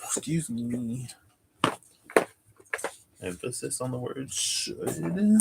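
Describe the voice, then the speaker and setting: This American man is a tarot reader chatting casually on a livestream, his mid-range voice gravelly and slow with lively intonation and frequent pauses. The recording is very noisy, and he keeps apologizing for yawning as he thinks aloud, searches and reads the chat.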